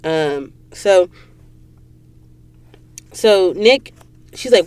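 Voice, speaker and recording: A woman from Georgia hosting a podcast, retelling a novel's plot in an animated, gushing way with quick asides to listeners. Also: fairly low pitch, dry recording. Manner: animated, gushing storyteller, slips into whispers and asides. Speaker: podcast host. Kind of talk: casual book recap. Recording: dry close recording booth.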